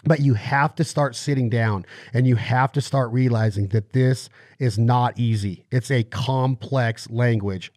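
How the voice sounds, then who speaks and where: A man hosting a podcast, talking with eager energy and steady mid-range pitch. He leans on analogies and acts out little quotes to make his points. His voice sits close and dry on the mic, with no room sound. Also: unhurried, hardly any pauses, no echo. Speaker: podcast host. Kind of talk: explanatory podcast interview.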